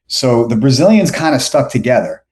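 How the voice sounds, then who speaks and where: A man's voice: medium pitch, sing-song, moderate pace, darkish tone. A man, telling a story on a podcast as the guest, rambling with many restarts and fillers. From New York. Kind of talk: casual storytelling.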